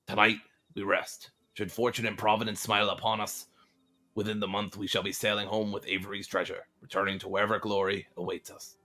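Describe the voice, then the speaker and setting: A man's voice: little pitch movement, bright, forceful tone. A man putting on a solemn pirate captain. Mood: grave. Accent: put-on pirate accent. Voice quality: low, measured and grandly formal. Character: solemn old-time male pirate captain writing a journal. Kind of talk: reading game journal entries aloud.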